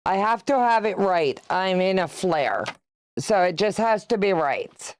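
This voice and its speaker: Slow-talking woman in her sixties. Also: medium pitch, lively intonation, no room sound, clean studio sound. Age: 60s. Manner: chatty and teasing, reads out viewer comments, laughs often. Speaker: quilting livestream host. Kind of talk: casual livestream chat while sewing.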